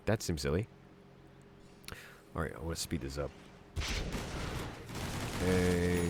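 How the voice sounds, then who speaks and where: A man's voice: on the low side, noisy background. A man coaching a player through a game replay, exclaiming and repeating urgent commands as he talks. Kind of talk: replay analysis commentary. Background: music.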